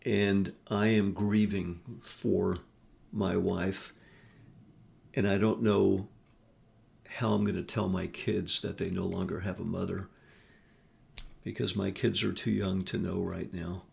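A man voicing a grieving young father who speaks quietly and brokenly. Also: deep voice, little pitch movement, slow, gravelly, pauses often, pitched below the performer's own voice, full character voice.

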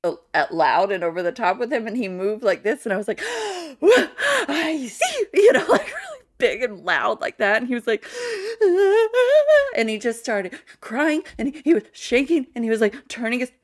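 A woman's voice: a little high, brisk, hardly any pauses. A young woman co-hosting a casual chat podcast, rambling through stories and laughing often. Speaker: podcast co-host.

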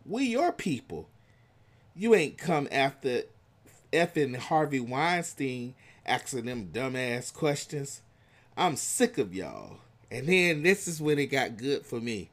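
A man giving casual reaction commentary in a slangy, animated way, swinging between loud outbursts and hushed asides. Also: a little high. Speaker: commentary vlogger.

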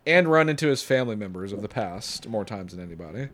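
A man's voice: lowish voice, fast talker. Joking young man chatting. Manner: joking, animated asides. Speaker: podcast co-host. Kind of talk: casual chat watching a movie.

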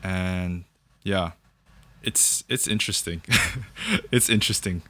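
A young man calmly sharing his faith story in conversation, thinking aloud and often checking in with "right?". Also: low-pitched, takes it slowly. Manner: reflective, thinks aloud with fillers and repeated "right?". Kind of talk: casual conversation about faith.

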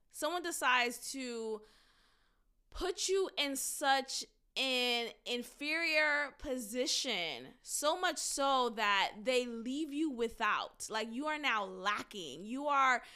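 A woman hosting a solo commentary podcast, talking in an emphatic, drawn-out, deliberate way. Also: high-pitched, bright, forceful tone, clear, resonant tone. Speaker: podcast host.

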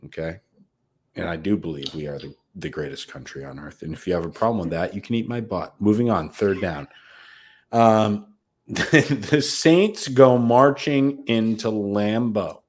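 A man's voice: low voice, normal speed, darkish tone, slight background noise. A man co-hosting a sports betting podcast, talking in a brash, profane, hyped-up way. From United States. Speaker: podcast co-host. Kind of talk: casual sports betting chat.

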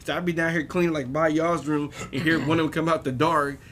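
A man telling a story among friends, slightly high-pitched and laughing often. A faint rumble sits under the recording. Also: steady tone, fast talker, fairly bright tone. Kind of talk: casual chat.

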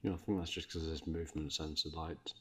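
A young man co-hosting a casual podcast, with dry, deadpan teasing. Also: a bass voice, quick pace. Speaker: podcast co-host. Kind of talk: casual chat.

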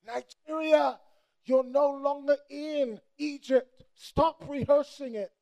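A woman preacher with a very high voice that carries a gravelly edge. She delivers a fiery sermon, shouting and repeating her lines, then dropping into sassy asides to the congregation. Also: steady tone, slow, dull audio.

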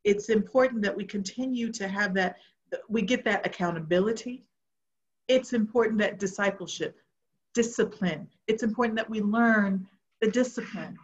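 Woman preaching, middle-aged, earnest testimony, goes soft at tender bits, kinda muffled lo-fi audio. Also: medium pitch, normal speed. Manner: earnest, storytelling, drops to soft tones for emotional moments. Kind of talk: sermon with personal testimony. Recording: muffled lo-fi sound.

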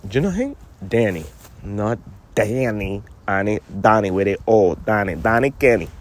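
A man's voice: lowish voice, big pitch swings, normal speed, a little hiss or hum. Laid-back, rambling male podcast host. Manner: laid-back, rambling, says man a lot. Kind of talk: comedic casual chat.

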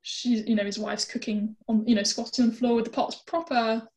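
British woman yakking away on a podcast, slightly high voice, tons of "um" and "you know". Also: a little fast. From Britain. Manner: chatty, lively, many fillers. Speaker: guest. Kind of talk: casual storytelling chat.

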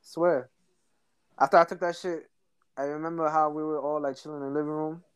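A man's voice: on the high side, flat delivery, a little fast, smooth, dry recording. Slangy young man telling a story. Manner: profane, laughing slangy storytelling. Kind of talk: casual chat.

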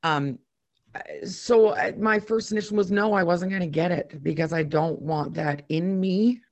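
A man, a former radio host now co-hosting a podcast, chatting casually and jokingly, with sudden loud laughing outbursts. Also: sits high, unhurried. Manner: jokey, breaks into loud laughing exclamations. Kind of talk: casual chat.

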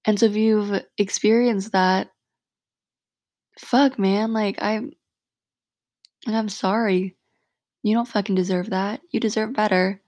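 A woman's voice: mid-range voice, steady tone, slow pace, pauses often, darkish tone, dry recording, studio quality. A young woman hosting a solo podcast, talking frankly and from the heart, swearing freely and saying "like" a lot. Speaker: podcast host. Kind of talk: casual solo podcast monologue.

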